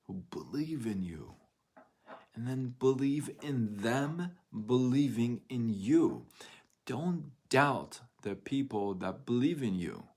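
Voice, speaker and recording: A man's voice: fairly low pitch, a little mellow. A man hosting a motivational live stream, speaking earnestly and getting emotional as he repeats his encouragement.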